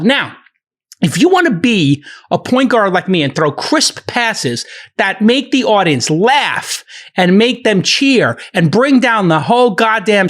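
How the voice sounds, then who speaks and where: Animated, ranting male podcast host. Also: high voice. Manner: ranting, profane, emphatic. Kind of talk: heated podcast argument.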